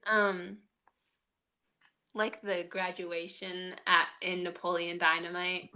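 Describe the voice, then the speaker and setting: A woman's voice: lowish voice, flat delivery, takes it slowly, pushed and bright. A woman co-hosting a podcast, recapping a tabletop game session in rambling casual chat with lots of fillers and laughs. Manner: rambling, many fillers and restarts, laughing often. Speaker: podcast co-host and game master.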